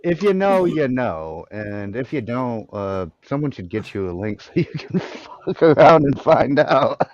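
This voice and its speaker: A man's voice: medium pitch, sing-song, unhurried, a little mellow, no room sound. A man co-hosting a casual stream chat, joking dryly and asking after a friend kindly. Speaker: stream co-host. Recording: dry, dull lo-fi audio.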